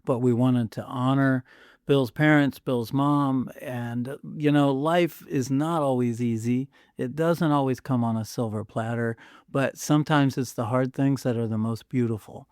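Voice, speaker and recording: A man's voice: mid-range voice, steady tone, a little slow, a little mellow, clean tone, dry recording, clean studio sound. Emotional male podcast host. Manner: emotional, sincere, near tears. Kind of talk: casual podcast chat.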